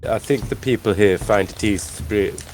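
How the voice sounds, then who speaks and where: A man playing a tabletop game, talking in character with a halting, drawling manner. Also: lowish voice, a little mellow, soft background music. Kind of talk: in-character role-play chat.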